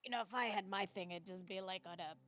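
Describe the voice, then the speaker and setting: A woman playing her character in a tabletop game, halting and hesitant, with many fillers. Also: mid-range voice, a loud crowd. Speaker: player.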